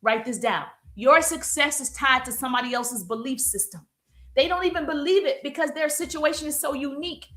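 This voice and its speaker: A bright, high-pitched woman coach talks energetically in an echoey room at home, likely on her phone. She is emphatic and keeps checking in with "okay?" and "right?". She is warm and perspiring from exercise. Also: a little fast. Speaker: business coach. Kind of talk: live-streamed coaching talk.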